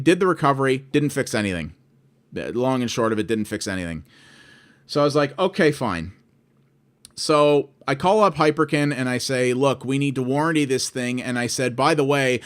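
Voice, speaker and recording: A man of middle pitch rants at length about customer service. He is fed up and swears freely, and he keeps acting out both sides of every phone call. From Canada. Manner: exasperated storytelling, quoting both sides of calls. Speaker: video blogger. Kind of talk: ranting monologue.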